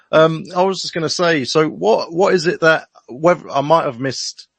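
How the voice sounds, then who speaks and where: A man's voice: a little high, a little slow, creaky, dry recording. A man hosting a live stream interview, rambling through his questions with apologetic restarts. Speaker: show host.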